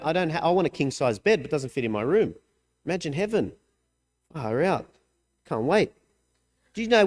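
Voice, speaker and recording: A man preaching a sermon, earnest and emphatic, swinging between raised, urgent lines and quiet, low asides. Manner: earnest, emphatic, with sudden swings in pitch and loudness. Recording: hall reverb.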